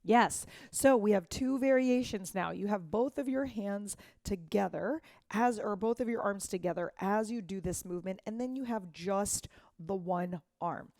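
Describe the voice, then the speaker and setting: A woman's voice: mid-range voice, moderate pace, a little mellow, no room sound, studio quality. A woman teaching a dance class, who encourages her students, counts beats aloud and scats the rhythms as she demonstrates. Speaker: dance instructor.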